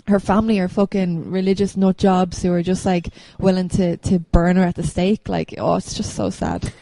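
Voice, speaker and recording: A woman's voice: fairly low pitch, fairly even intonation, moderate pace, vocal fry, warm tone, no room sound, low-quality recording. Earnest woman co-host. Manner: earnest, emotional retelling. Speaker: podcast co-host. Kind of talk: casual chat.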